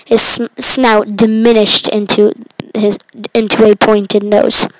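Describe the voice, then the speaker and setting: A woman's voice: medium pitch, flat delivery, takes it slowly, dry recording, rough recording. Woman stumbling through a story reading. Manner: stumbling reading with restarts and fillers. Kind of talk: reading a self-written story aloud.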